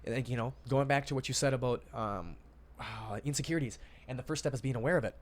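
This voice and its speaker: A young man hosting a casual podcast chat, talking emphatically and calling people dude and bro. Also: mid-range voice. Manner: fast, emphatic, calls listeners dude and bro. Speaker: podcast host.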